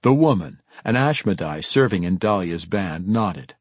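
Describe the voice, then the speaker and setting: Male audiobook narrator, low husky voice, dry close studio sound. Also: expressive, measured pace, few pauses, no room sound. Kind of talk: scripted narration.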